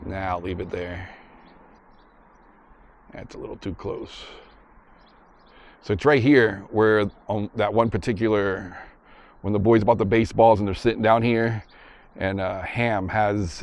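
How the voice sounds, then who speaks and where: A man casually narrating a vlog outdoors, chatting as he walks through a parking lot and ballpark with a handheld camera. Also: on the low side. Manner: relaxed, chatty, retells scenes as he walks. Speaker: vlogger visiting filming locations.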